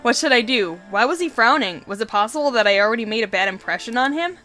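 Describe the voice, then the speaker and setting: A woman's voice: on the high side, animated, fast, sharp tone, soft background music. A young woman hosting a let's play, reading a visual novel aloud with giggly, chatty asides.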